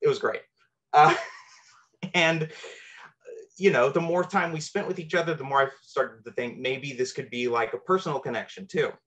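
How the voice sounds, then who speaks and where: A man's voice: mid-range voice, moderate pace, pauses often, fairly bright tone. A man telling a true, personal story from his teenage years, earnest and candid with a self-deprecating edge.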